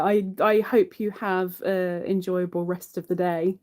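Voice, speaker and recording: A woman's voice: medium pitch, fairly even intonation, moderate pace, hardly any pauses, a little mellow. A woman hosting a live crochet stream, chatting casually to viewers while she counts her stitches.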